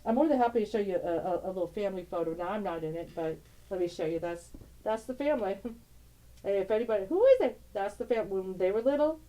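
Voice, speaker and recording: A woman's voice: medium pitch, fast, dark tone, poor audio. A middle-aged woman talking casually on her vlog, rambling tenderly with frequent laughs and broken-off sentences. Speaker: tarot channel host. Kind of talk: casual emotional vlog, showing family photos.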